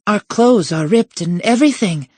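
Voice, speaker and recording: A male reader playing a petulant, spiteful young woman in an audiobook, whining in a high, breathy voice. The sound is airy and strained, far from his plain voice. It is recorded close and dry. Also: big pitch swings, very slow, mellow, no room sound, heavily acted. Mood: whiny. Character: spiteful young woman, monster posing as coed.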